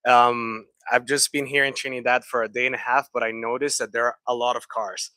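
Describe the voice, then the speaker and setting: A man's voice: mid-range voice, little pitch movement, fairly quick, bright, forceful tone, no echo, low-quality recording. A man presenting pediatric mobility products to a training group in a fluent, explanatory way. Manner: fluent, explanatory, lightly conversational. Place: training room.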